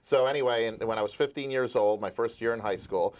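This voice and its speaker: A man's voice: mid-range voice, brisk, darkish tone. A man in his forties from Rhode Island, a radio station owner, telling his story eagerly in a casual interview with many restarts.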